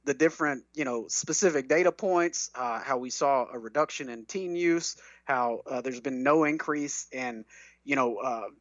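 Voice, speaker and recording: A man's voice: mid-range voice, moderate pace, no room sound. A man who talks earnestly about medical cannabis, rambling along with fillers and restarts. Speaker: cannabis advocate speaker. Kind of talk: conversational talk. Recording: dull dry lo-fi sound.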